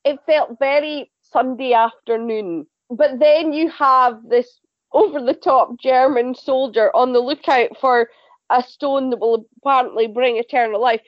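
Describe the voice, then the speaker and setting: High-ish woman rambling about tv, trips over words a lot, dry muffled podcast audio. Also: a little slow, no echo. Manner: chatty, animated, stumbles and repeats words. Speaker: podcast panelist. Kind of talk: casual review chat.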